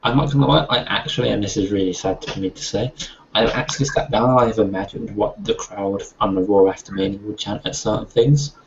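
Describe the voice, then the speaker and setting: Low-ish and fairly even in tone, with vocal fry and a fairly quick delivery, this UK podcast co-host gives long-winded, opinionated takes in a casual wrestling chat, frequently restarting sentences. The sound is dull lo-fi with a little noise.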